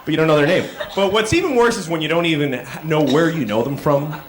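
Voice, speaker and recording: A man doing a stand-up comedy set, telling stories and acting out people in sudden high yelps. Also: animated, quick pace. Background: audience laughter.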